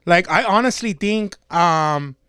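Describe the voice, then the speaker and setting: A man's voice: sits high, slow, fairly bright tone, smooth, dry recording, studio quality. A man co-hosting a casual podcast, trading crude jokes. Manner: crude, joking banter. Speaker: podcast co-host.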